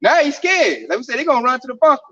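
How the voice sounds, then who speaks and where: High-voiced man telling stories off-mic. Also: huge pitch swings, very fast, bright, forceful tone, far from the mic. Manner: storytelling, emphatic, slangy. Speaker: camp speaker. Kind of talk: informal scripture discussion. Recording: dull sound from off the mic.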